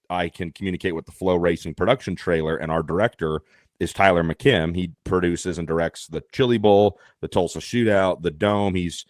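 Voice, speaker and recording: A man guesting on a podcast, telling an animated, self-deprecating story with lots of fillers and restarts. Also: sits low, no echo, studio quality. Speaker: podcast guest, race announcer.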